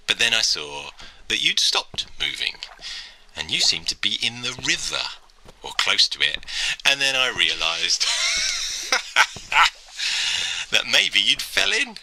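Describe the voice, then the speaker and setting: A man's voice: mid-range voice, background noise. A man playing a giggling killer. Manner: giggling, sneering, drawn-out taunts. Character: gloating, mocking male killer taunting a victim. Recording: loud music underneath.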